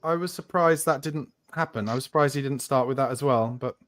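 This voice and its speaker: A man's voice: mid-range voice, fairly quick, dry recording, studio quality. A man hosting a casual football podcast, talking at length in analytical detail and swearing casually. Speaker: podcast host.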